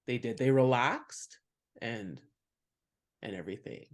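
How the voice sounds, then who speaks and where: A woman's voice: very deep voice, measured pace. A woman comedian, a guest on a podcast, telling stories in casual chat and laughing often. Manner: animated storyteller, laughs often.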